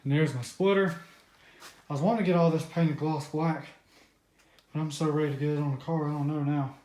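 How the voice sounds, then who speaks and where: A man in his twenties from the American South, excitedly unboxing car parts in a rambling vlog, a bit out of breath. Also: fairly high pitch, a little fast, roomy sound. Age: 20s. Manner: excited, rambling, many fillers. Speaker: car vlogger.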